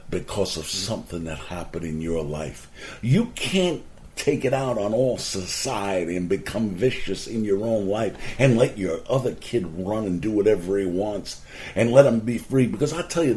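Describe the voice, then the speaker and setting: A former garden center owner delivers a monologue of personal anecdotes in a voice on the low side, with slight background noise. He's lively, his pitch leaping sharply whenever he quotes someone, and he adds earnest, preachy remarks about life lessons.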